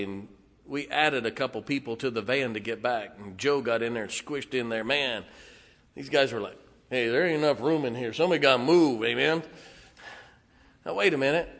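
A male pastor preaching a sermon in a folksy way, dropping to hushed tones and then rising to loud exclamations. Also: medium pitch. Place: church sanctuary. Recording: long hall reverb.

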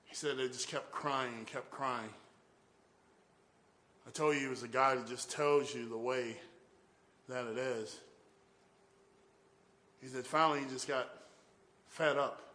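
A man's voice: medium pitch, steady tone, unhurried, long pauses, pushed and bright. A man preaching a sermon, telling a story animatedly and acting out the voices of the people in it, with sudden whoops. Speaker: guest preacher. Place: church. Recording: echoey church room.

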